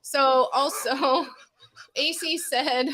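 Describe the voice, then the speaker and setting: A high-pitched woman co-hosting a loose, casual podcast. She reads listener comments aloud and tells stories with a laughing, animated delivery. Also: drawn-out words, a crowd in the background. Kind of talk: casual live podcast chat.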